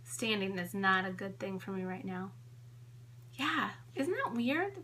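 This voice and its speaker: There's slight background noise as a pregnant woman in her late thirties, a home organizing vlogger, chats and giggles her way through a live-stream home tour filmed on a tripod camera, a little out of breath. Her mid-range voice is pushed and bright, with lively intonation and a measured pace.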